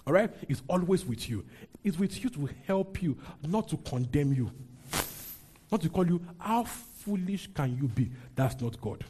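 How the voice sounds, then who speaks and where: A man's voice: fairly high pitch, animated, normal speed, warm tone, slight background noise. A man preaching a sermon as pastor, leading his congregation in call-and-response scripture reading. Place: church with a congregation.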